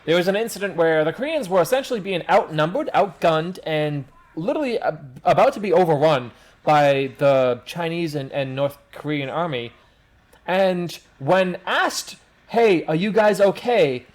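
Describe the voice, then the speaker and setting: Young man chatting, slightly high voice. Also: animated, moderate pace. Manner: rambling, frequent restarts. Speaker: podcast host. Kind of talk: casual chat.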